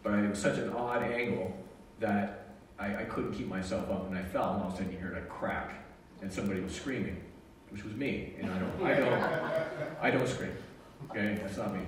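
A man's voice: lowish voice, brisk, distant mic, a little hiss or hum. Man, storytelling talk, joking, echoey room, mic set back. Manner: animated, jokey, quotes himself and others. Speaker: speaker sharing a personal story.

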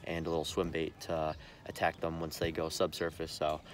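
Low-voiced young man narrating from a kayak. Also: normal speed. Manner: excitable, swings from quiet musing to loud frustrated outbursts. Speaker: fishing vlogger. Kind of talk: casual running commentary. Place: on a kayak on a lake, outdoors. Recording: outdoor camera audio with steady background noise.

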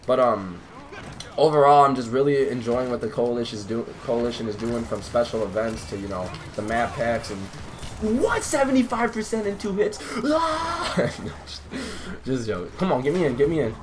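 A young man talks over his own gameplay into a gaming mic, chatting with viewers and shouting at teammates. His voice sits in an average pitch range. Faint noise hums behind him. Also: fairly quick. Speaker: gaming YouTuber. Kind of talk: live gameplay commentary.

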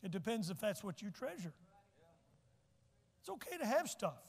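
Male pastor, folksy preaching, high voice, church echo, long reverb. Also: very animated, creaky, slightly rough. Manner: folksy, joking asides, repeats points slowly. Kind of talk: sermon. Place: church sanctuary.

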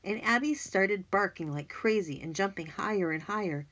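A woman narrating a children's audiobook in an expressive, lively way. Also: medium pitch, moderate pace. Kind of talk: scripted narration.

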